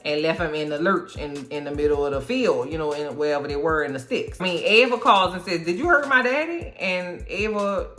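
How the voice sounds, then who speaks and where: A woman with a bright, forceful voice gives a casual movie recap. She talks with sass and slang, keeps tossing in asides, and her tone stays lively the whole time. Soft music sits far back in the mix. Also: low voice, brisk, few pauses. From American South. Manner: sassy, slangy and animated, with frequent asides. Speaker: movie reviewer.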